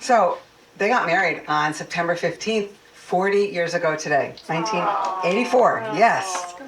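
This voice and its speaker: A woman's voice: on the low side, a little hiss or hum. A woman minister giving a heartfelt, personal sermon and a blessing for a couple's anniversary. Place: church sanctuary. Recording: echoey hall, mic far off.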